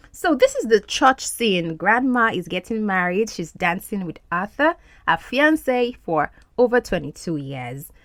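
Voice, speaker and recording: A woman's voice: fairly low pitch, fairly bright tone, no room sound. A woman hosting a podcast English lesson, explaining film clips and repeating words for practice. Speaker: podcast host and English teacher.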